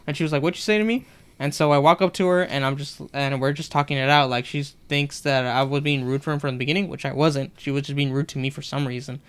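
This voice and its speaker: Young male podcast co-host, animated storyteller, clean resonant voice. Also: mid-range voice, fast, hardly any pauses, clear, resonant tone. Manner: animated, acts out customers' lines in retelling. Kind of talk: casual storytelling chat.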